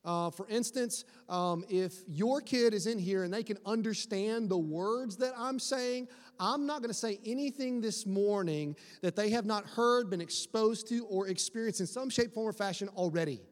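A middle-aged man preaching a sermon in a church, talking in a conversational, animated way and acting out quotes. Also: high voice, normal speed. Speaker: pastor. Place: church sanctuary. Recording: long hall reverb.

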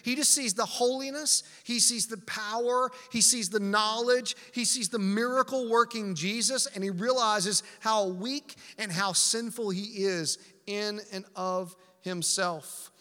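A man's voice: high-pitched, measured pace, few pauses, pushed and bright. A man preaching a sermon as pastor, emphatic and repetitive, asking rhetorical questions. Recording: long hall reverb.

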